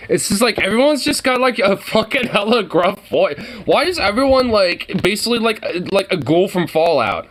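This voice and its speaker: A young man giving excitable, profane reaction commentary full of fillers. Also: high voice, moderate pace, hardly any pauses. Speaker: streamer reacting to a trailer.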